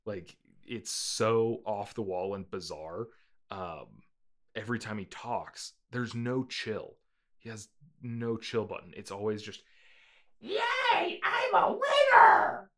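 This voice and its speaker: A man casually chatting as a podcast co-host, rambling with lots of fillers and breaking into playful squeaky character voices. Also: slow pace. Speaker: podcast co-host reviewing a movie. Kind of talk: casual chat.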